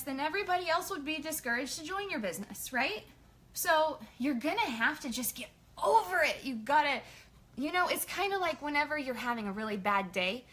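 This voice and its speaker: A woman leading a casual motivational team training, chatty and energetic in her pep talk. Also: on the high side. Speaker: sales team leader.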